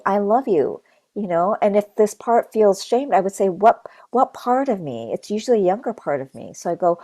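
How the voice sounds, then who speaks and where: With a warm, medium-pitched voice and no echo, a young adult woman serves as a guest spiritual teacher. She leads a brief guided meditation, speaking casually but earnestly and repeating key phrases mantra-style.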